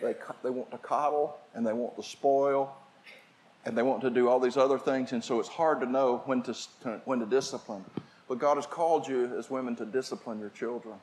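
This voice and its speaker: An older man preaching a sermon, telling family stories and shifting from shouts to quiet asides. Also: medium pitch, fairly even intonation, fairly quick, a little hiss or hum. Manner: storytelling preacher, swings from shouting to hushed. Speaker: pastor.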